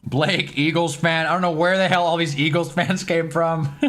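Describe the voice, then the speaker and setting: A man's voice: on the high side, normal speed, a bit bright, soft background music. A man hosting a casual live sports stream at his own desk mic, loose and chatty, swearing now and then and talking to his chat.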